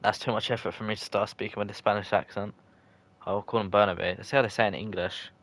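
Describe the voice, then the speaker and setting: On a live stream, a man with a low, deep voice casually narrates his football video game, talking fast in a steady, slightly bright tone with no room sound. He chats loosely and answers viewers by name, reacting to chat. He cracks slang-filled jokes and swears when a match turns against him.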